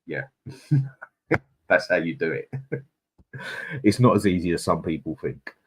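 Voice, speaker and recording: A man's voice: low voice, fast talker, breathy edge. A man, co-hosting a live stream and reading viewer comments in a blunt, chatty way. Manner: chatty, blunt and opinionated, with frequent "mate" and laughs. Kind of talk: casual live-stream chat.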